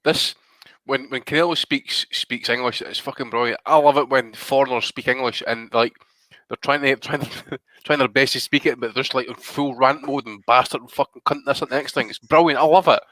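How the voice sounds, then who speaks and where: A man co-hosting a podcast, talking with quick, enthusiastic energy. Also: mid-range voice, fairly even intonation, sharp tone, no echo. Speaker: podcast co-host. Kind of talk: casual banter.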